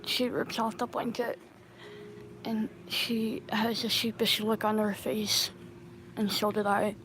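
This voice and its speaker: A woman casually recounting a personal story into her phone, halting and restarting often. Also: medium pitch, flat delivery, fairly bright tone, a little hiss or hum, rough recording. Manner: halting, with many restarts and pauses. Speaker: storytime vlogger.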